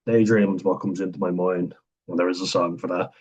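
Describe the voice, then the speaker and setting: A man with a very deep voice talks through his thoughts in a loose, unscripted monologue. His tone is husky and a little breathy, and he chuckles often and pauses to think as he goes. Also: little pitch movement, darkish tone. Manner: thinks aloud, frequent chuckles and ums. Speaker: vlogger talking about autism.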